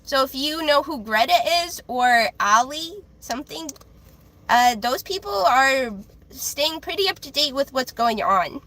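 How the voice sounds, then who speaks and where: Unhurried and lively in intonation, a woman with a high, childlike voice reads tarot during a live stream, her tone staying bright and sharp. She chats loosely with lots of fillers and restarts over a rough recording with slight background noise.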